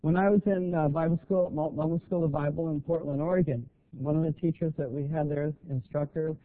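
A man's voice: fairly high pitch, fairly even intonation. Man preaching, tinny lo-fi sound. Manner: halting, many fillers, rising emphasis when preaching. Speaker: guest preacher. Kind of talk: sermon.

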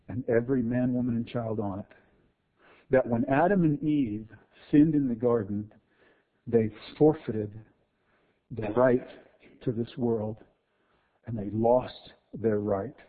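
A man preaching an expository sermon, swinging between hushed explanation and fervent emphasis, over a tinny, phone-like sound. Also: medium pitch.

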